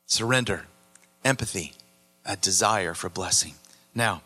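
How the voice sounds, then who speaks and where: A man's voice: on the low side, pushed and bright. A man preaching a sermon as pastor, earnest and repeating himself when he presses a point.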